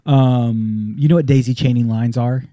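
Dark-voiced casual man, animated and swearing. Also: mid-range voice, normal speed, no echo, studio quality. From not from Texas, lives in Texas. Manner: animated, swears, slips into a put-on drawl when excited. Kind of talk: casual chat.

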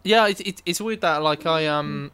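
A man's voice: on the high side, moderate pace, bright, forceful tone, clear, resonant tone, dry recording. A young man, a musician, rambling energetically in casual chat and swearing freely.

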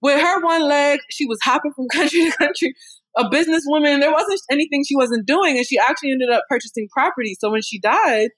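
A woman's voice: sits high, brisk, a bit bright, no room sound. A young woman in an interview telling personal stories frankly and with animation, laughing often. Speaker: interview guest. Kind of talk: candid personal storytelling.

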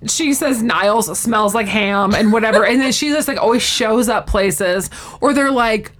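A woman's voice: fairly high pitch, moderate pace. A woman in casual chat, animatedly retelling sitcom scenes and acting out the characters' lines, laughing often. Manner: animated storyteller, acts out quotes, laughs often.

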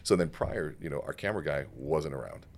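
A man guest on a podcast, telling stories emphatically, swearing and acting out quotes. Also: a bass voice. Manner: fast, emphatic storytelling with swearing and acted quotes. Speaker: guest speaker and author. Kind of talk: animated podcast interview. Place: podcast studio set.

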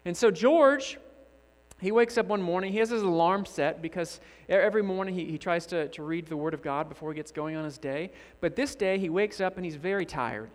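A man's voice: high voice, fairly quick. A man preaching a sermon as a guest preacher, telling a story and acting out the characters' lines. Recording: long church reverb.

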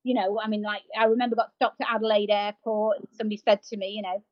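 A woman, telling stories as a podcast guest in a lively, self-mocking way, with plenty of fillers and restarts. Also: medium pitch, fast talker, few pauses, dry recording, dull audio. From United Kingdom. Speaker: guest, marathon runner. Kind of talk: casual storytelling in an interview.

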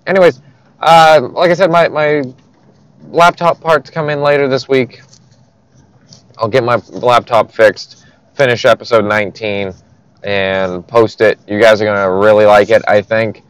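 A man's voice: lowish voice, steady tone, unhurried, clean tone, no room sound, rough recording. A man hosting a casual podcast monologue, rambling and swearing offhandedly, recorded on a headphone mic in a car. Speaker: podcast host.

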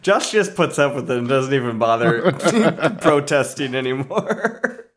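A man hosting a podcast in casual chat. He is jokey and excitable, and he laughs easily. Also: medium pitch, measured pace. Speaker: podcast host.

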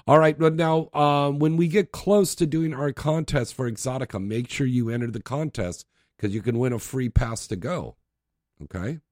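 A man's voice: medium pitch, moderate pace, darkish tone, no echo, clean studio sound. Brash joking male radio host. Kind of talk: talk radio hosting.

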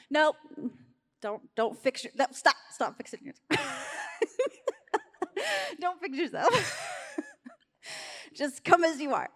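A woman's voice: high-pitched, animated, normal speed, long pauses. A woman pastor preaching a sermon in a church, talking conversationally and urging the congregation along. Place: church sanctuary. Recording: long hall reverb in a church.

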